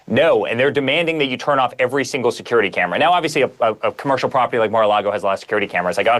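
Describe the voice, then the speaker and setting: A man's voice: mid-range voice, lively intonation, rapid-fire, few pauses, fairly bright tone. A man speaking as a guest author in a conversational interview, emphatic and piling up repeated phrases.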